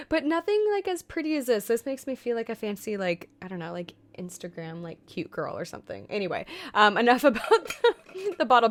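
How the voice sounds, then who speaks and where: A woman's voice: medium pitch, a bit bright, clear, resonant tone, no room sound, clean studio sound. A young woman chatting casually to camera about crypto news, upbeat, with many fillers and asides. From Canada and the US.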